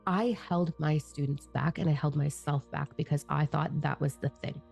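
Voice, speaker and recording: A woman's voice: low-pitched, fairly even intonation, normal speed, gravelly, darkish tone, soft background music. Blunt, profane woman spiritual teacher. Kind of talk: casual spiritual monologue.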